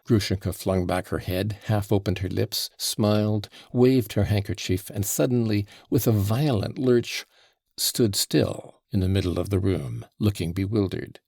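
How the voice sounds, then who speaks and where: A man reading a classic novel aloud, slow and deliberate, with a deepish, gravelly, husky voice. The sound is close and dry, with no room around it. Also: no echo. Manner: measured, even storytelling. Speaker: audiobook narrator. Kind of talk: scripted narration.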